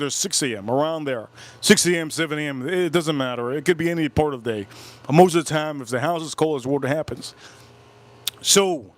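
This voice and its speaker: A man hosting a live stream, telling a ghost story casually, repeating himself and stopping to mention his goosebumps. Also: a little high. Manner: animated, repetitive, keeps breaking off about goosebumps. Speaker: whiskey channel host.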